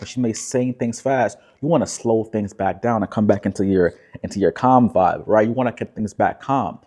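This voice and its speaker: A man speaking as a relationship coach, talking calmly and directly to the viewer, often checking in with "right?". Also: lowish voice. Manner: calm, repetitive, tag questions like "right?". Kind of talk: direct-to-camera coaching talk.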